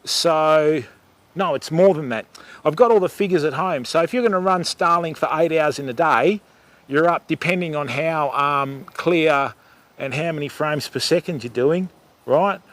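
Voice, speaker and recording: A man's voice: a little high, moderate pace, a bit bright. A middle-aged Australian man hosting a fishing livestream outdoors by a river, chatting casually with viewers and calling them mate. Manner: chatty, calls viewers mate and lovey, rambling asides. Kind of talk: casual live chat with viewers.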